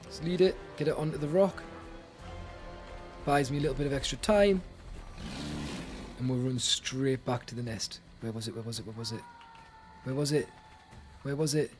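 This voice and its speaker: A young man giving live commentary while he plays a video game, excitable and talking to himself. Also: mid-range voice, normal speed, long pauses. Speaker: streamer. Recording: game music in the background. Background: game music.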